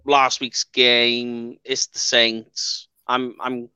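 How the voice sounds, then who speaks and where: A man hosting a casual sports chat, running through the picks in a lively way. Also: mid-range voice, extremely slow, clear, resonant tone, no room sound. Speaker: host.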